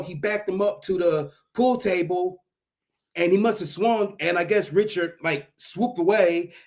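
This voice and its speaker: A man with a fairly high voice tells a story in loose, profane chat. He acts out the sounds and the other voices himself and laughs often along the way. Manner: profane, slangy. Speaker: podcast co-host.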